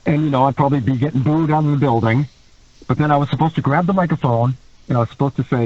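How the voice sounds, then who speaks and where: A man, a guest on a podcast, telling a story in a casual, animated way, laughing often and acting out quotes in other voices. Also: mid-range voice, fast, lo-fi sound. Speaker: guest wrestler.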